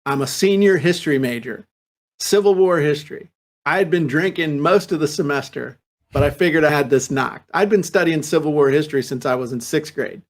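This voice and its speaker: A podcast host, a man talking in a casual, animated way, often restarting and repeating himself. His voice sits a bit high for a man, and he laughs easily. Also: fairly quick. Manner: animated storyteller who repeats words and restarts. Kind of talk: casual chat.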